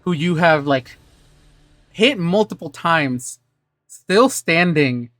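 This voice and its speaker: A game master with a middle-pitched voice who runs a tabletop game. The voice gives brief rulings and lays out scenes in a deliberate way, with faint music in the background. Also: animated, a bit bright, no echo.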